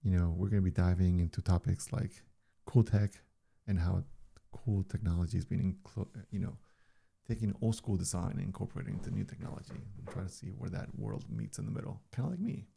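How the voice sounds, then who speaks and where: Gravelly deep-voiced man, chatty streamer. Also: brisk. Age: older. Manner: relaxed, chatty, loose and rambling. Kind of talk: casual live-stream chat. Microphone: studio dynamic microphone.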